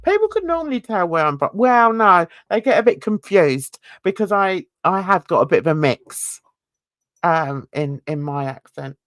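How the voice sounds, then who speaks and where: A woman's voice: fairly low pitch, big pitch swings, normal speed, no echo, clean studio sound. A woman with a North London accent mixed with rural Essex, hosting a casual livestream chat and talking easily with viewers, fond of British slang and endearments. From England. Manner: chatty, warm-hearted, uses British slang and endearments. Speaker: livestream host.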